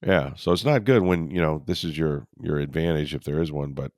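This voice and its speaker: A man with a very low voice, thick and stuffy from a cold, trading wry, grumbling sports banter. The sound is dry and close, with no room around it. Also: fairly quick, a little mellow, no room sound. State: congested from a cold. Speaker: podcast co-host. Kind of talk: casual sports chat.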